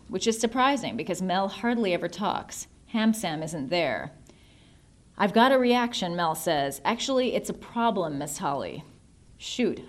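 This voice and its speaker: A woman narrating a novel in the first person, wry and measured. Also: lowish voice, a little mellow. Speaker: audiobook narrator.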